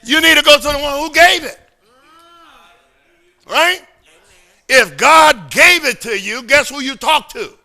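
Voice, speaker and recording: High, intense, forceful preaching man. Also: animated, a little slow, pauses often. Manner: emphatic, repetitive preaching with sudden shouts and quiet asides. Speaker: pastor. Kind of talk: sermon. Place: church sanctuary during a service.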